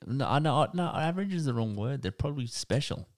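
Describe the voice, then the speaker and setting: An Australian man co-hosting a podcast, telling rambling stories in a low-key casual chat. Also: expressive, fairly quick, no echo, clean studio sound. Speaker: podcast co-host.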